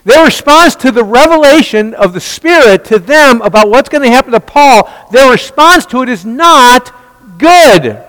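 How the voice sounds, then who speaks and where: Male Bible teacher with a very high, animated voice, fond of rhetorical questions and quick restarts. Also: long reverb tail, poor audio. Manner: rhetorical questions, answered at once; frequent restarts and repeated words.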